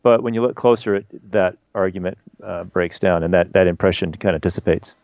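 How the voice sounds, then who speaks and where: Male guest expert, low voice, dry dull recording. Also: dry recording. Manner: animated with frequent restarts, quick bursts. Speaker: guest author and historian of science. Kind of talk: conversational explanation. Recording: dull lo-fi remote line.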